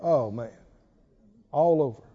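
A man's voice: medium pitch, slow, phone-quality sound. A man preaching a sermon, emphatic and driving his points home with repeated rhetorical questions.

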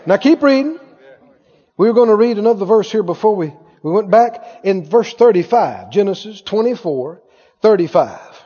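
A man's voice: sits high, big pitch swings, normal speed, warm tone, breathy edge. A man preaching a sermon as pastor, with fervent, repeated declarations. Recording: dull sound in a reverberant hall.

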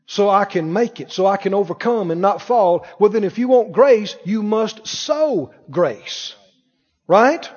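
High-voiced preacher man in an echoing hall. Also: expressive, measured pace. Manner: emphatic, asks rhetorical questions and calls the congregation to repeat after him. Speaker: pastor. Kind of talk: sermon. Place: church hall with congregation. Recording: dull reverberant church recording.

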